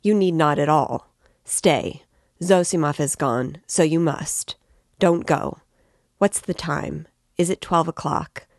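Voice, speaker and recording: A woman's voice: low-pitched, takes it slowly, no echo, clean studio sound. A woman reading the lines of a brooding, feverish young man who speaks in abrupt, agitated bursts.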